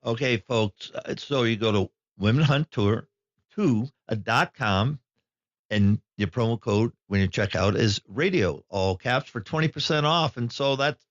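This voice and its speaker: A man's voice: medium pitch, measured pace, no room sound, lo-fi sound. A man hosting an interview podcast, asking questions in a meandering way with many fillers and talking to listeners as folks. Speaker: podcast host.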